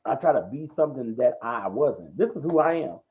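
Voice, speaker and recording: A man hosting a ministry talk show who preaches in a loud, bold, slangy way, repeating his phrases and answering viewer comments. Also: medium pitch, expressive, fairly quick, low-quality recording.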